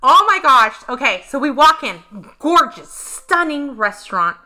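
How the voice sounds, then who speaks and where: A woman co-hosting a podcast, telling a story in an excitable, gushing way and swearing freely. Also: sits high, measured pace. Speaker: podcast co-host. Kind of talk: casual storytelling chat.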